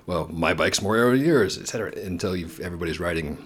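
A man's voice: sits low, fast, breathy edge. A man co-hosting a casual podcast chat, rambling and correcting himself with a joking tone. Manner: rambling, self-correcting, jokey. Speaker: co-host.

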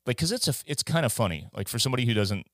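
A man's voice: mid-range voice, lively intonation, very fast, fairly bright tone, no room sound, studio quality. A man guesting on a podcast, talking casually in a rambling, profane way with many restarts. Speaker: guest musician.

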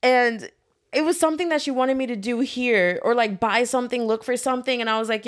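A woman's voice: a little high, brisk. A young woman in casual podcast chat, telling stories with lots of laughter and swearing. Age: young adult. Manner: animated storytelling, swearing, laughing.

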